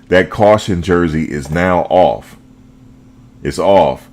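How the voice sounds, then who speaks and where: Very deep-voiced man talking football. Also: unhurried. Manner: animated, repeats himself, slangy. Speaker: fan show host. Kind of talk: casual football talk.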